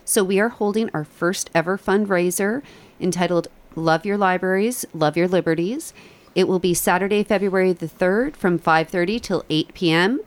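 A woman's voice: fairly low pitch, normal speed. A woman guest on a radio show, upbeat and promotional, listing the details of a fundraiser. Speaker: guest from a library group. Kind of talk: announcing an event on radio.

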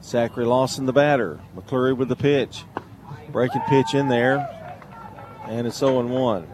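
Guy calling baseball play-by-play, jokey, tells stories between pitches, noisy outdoor sound. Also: unhurried. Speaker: play-by-play announcer. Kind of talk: radio baseball commentary.

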